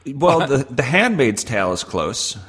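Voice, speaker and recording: A man's voice: medium pitch, big pitch swings, unhurried, a bit bright, slightly rough. A young adult man co-hosting a podcast, telling rambling stories in a dry, self-deprecating way. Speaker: podcast co-host. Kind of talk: casual chat.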